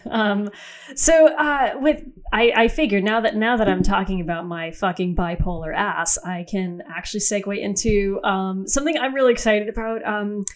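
A woman's voice: mid-range voice, normal speed. A young woman talking casually on a podcast. She is candid and profane, and she often breaks off and restarts her sentences. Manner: candid, profane, self-interrupting. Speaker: podcast co-host. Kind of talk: casual chat.

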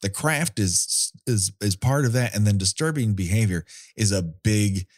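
A man with a fairly low voice talks through horror films in a loose, rambling way, wry and quick to swear. The sound is dry and close, with no room around it. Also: expressive, darkish tone, dry recording. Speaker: podcast co-host. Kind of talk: casual chat about horror movies.

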